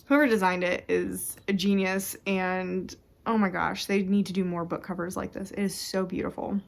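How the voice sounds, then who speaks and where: A woman's voice: medium pitch, level tone, normal speed, creaky. A young woman chatting casually about books at home for her vlog, rambling and interrupting herself. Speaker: book vlogger. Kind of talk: casual chat.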